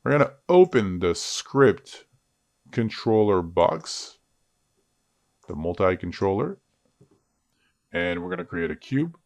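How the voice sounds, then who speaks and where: Male tutor, low gravelly voice, lively up-and-down delivery, dry close mic, jokey software walkthrough. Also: takes it slowly, pauses often, no echo. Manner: chatty, self-joking asides. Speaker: 3D rigging instructor. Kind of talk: screen-recorded software tutorial.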